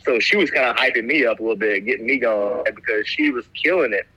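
A man's voice: mid-range voice, fast, pushed and bright, slightly rough, no echo, lo-fi sound. A young man telling a rambling story in casual chat, laid-back, calling everyone "dude". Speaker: guest telling stories.

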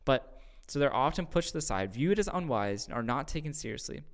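A man hosting a casual faith discussion, explaining a scripture passage earnestly and acting out quoted voices in loud bursts. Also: medium pitch, lively intonation, brisk. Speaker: podcast host teaching scripture.

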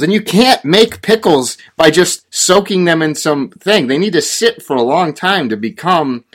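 A man's voice: a little high, animated, a little slow, hardly any pauses. A man from rural Oregon, co-hosting a casual chat and telling a ranting story with growing exasperation. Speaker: podcast co-host.

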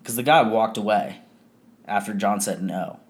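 A man's voice: lowish voice, moderate pace. A young man telling a personal story in a loose, profane, rambling way, full of fillers. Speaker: podcast host. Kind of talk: casual storytelling monologue.

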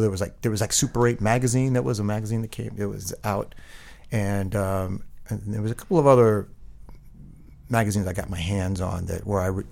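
Gravelly low-voiced man, rambling. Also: warm tone. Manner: rambling, full of fillers and restarts. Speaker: guest. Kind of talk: casual interview conversation.

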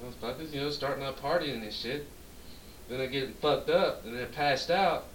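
A man's voice: medium pitch, normal speed. A man co-hosting a podcast, telling a long profane story and acting out the dialogue in it. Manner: animated, profane, acts out quoted dialogue. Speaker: podcast co-host. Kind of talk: drunk storytelling chat. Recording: echoey room, distant mic, faint hiss.

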